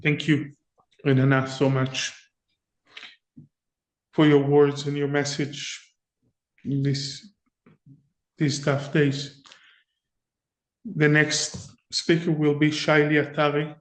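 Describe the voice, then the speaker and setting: Slow flat-voiced man, echoey room. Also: on the high side. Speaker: press conference moderator. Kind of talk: formal introductions.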